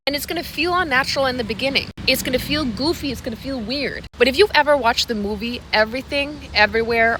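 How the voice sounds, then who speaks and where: A woman's voice: a little high, sharp tone, slight background noise. A woman vlogger giving earnest, upbeat motivational advice to camera, repeating words for emphasis. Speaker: lifestyle vlogger. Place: outdoors.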